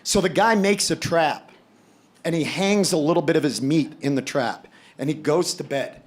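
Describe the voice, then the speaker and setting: A man from the United States performing a stand-up comedy set, telling stories loudly and shouting suddenly at times. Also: on the high side, normal speed. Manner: loud, animated storytelling with sudden shouts. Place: live comedy venue with audience. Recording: live show with crowd noise.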